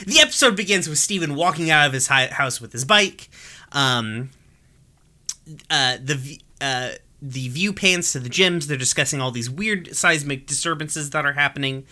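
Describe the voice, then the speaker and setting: A podcast host talking through an episode in loose, casual chat, full of "like" and "um" and quick to laugh. The voice is bright and crisp, with easy swearing and animated outbursts. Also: medium pitch. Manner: chatty with many fillers and restarts.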